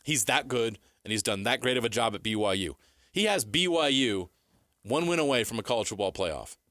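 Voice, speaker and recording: Male sports radio co-host, opinionated and insistent, very lively delivery, dry close mic. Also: medium pitch, brisk, no echo. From United States. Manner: argumentative, rising and pressing as he makes his case.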